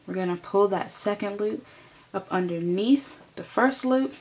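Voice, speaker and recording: A woman's voice: medium pitch, a little slow, a little mellow. A woman hosting a crochet tutorial, patiently explaining each step and counting stitches aloud as she works.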